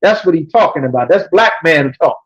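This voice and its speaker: High-voiced man preaching scripture. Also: expressive. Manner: emphatic, often asks "you understand?"; reads verses slowly, then explains in street talk. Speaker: scripture class teacher. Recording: dull lo-fi recording.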